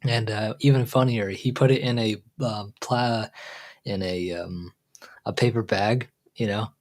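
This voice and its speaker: A man's voice: fairly low pitch, fairly even intonation, unhurried. A man hosting a casual livestream, rambling and stop-start, trailing off into fillers and chuckling as he jokes along. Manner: laid-back, joking, chuckles often. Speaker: livestream host.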